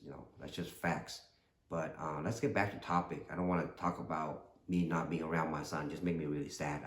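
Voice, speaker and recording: A man hosting his own channel, talking earnestly in a casual, animated commentary monologue that often repeats itself. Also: deep voice, echoey room. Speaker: channel host.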